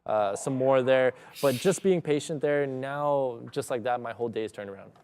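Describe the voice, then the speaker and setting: A man's voice: mid-range voice, normal speed, a little mellow, a little hiss or hum. A young man trading live and talking through his moves in a casual, rambling way, full of fillers. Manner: rambling, many fillers, thinks aloud while trading. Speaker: day trader streaming live.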